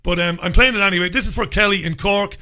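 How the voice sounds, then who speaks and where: A man's voice: sits high, fast talker, pushed and bright. A man hosting a radio talk show, chatting casually and rambling with plenty of filler words into a studio microphone.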